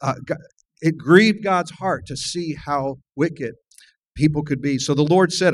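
A man's voice: on the high side, takes it slowly, long pauses, poor audio. A middle-aged man, a minister, preaching a sermon and telling a personal story in an earnest way. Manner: earnest, storytelling, frequent restarts.

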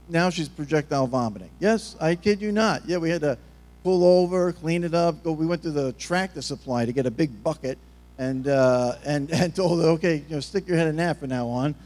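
A man's voice: fairly high pitch, a little mellow. A man preaching a sermon in a rambling, joking, storytelling way. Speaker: pastor.

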